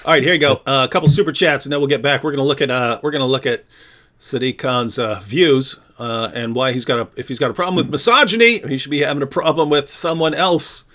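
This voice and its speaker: A man's voice: mid-range voice, fairly bright tone. A man co-hosting a live stream, chatting casually, telling stories and teasing. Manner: chatty, storytelling, quick to mock.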